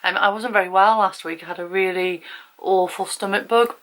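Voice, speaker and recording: A woman's voice: mid-range voice, fairly even intonation, a little fast, low-quality recording. A young woman from England chatting casually to camera, rambling with lots of fillers and restarts. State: recovering from illness, feeling weak. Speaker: vlogger.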